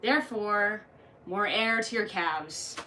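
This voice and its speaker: A woman's voice: mid-range voice, slow, bright, forceful tone, a little hiss or hum. A woman livestreamer reading and answering chat in a jokey, crude, casual way. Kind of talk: casual live-stream chat.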